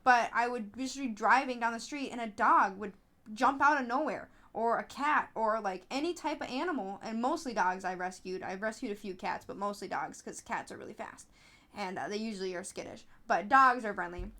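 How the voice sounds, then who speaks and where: A chatty woman with a slightly high voice tells stories in a casual podcast interview. She talks in an animated way, full of fillers and restarts, and jumps into high-pitched voices when she acts out other people. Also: normal speed. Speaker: podcast host, app founder being interviewed.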